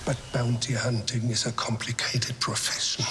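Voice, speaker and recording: An actor playing a calm, deliberate male client in a space western trailer, speaking slowly with a faintly menacing edge. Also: medium pitch, heavy background noise, lightly acted. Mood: measured. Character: calm, measured older male client who hires bounty hunters. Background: loud trailer score.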